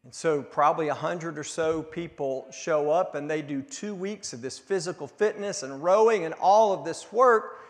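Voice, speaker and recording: High-voiced man preaching in a reverberant hall. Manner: conversational, repeats words when restarting, slows for emphasis. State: coughing now and then. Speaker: pastor. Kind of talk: sermon.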